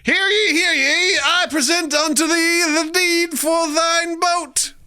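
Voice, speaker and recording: A man voicing a pompous medieval male herald in a high, mock-formal proclaiming voice. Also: fairly even intonation, takes it slowly, bright, forceful tone, exaggerated voice.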